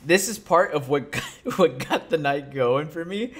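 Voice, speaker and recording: Relaxed, chatty male podcast co-host. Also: fairly high pitch, a little slow. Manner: relaxed and chatty, with easy laughter. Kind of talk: casual sports podcast chat.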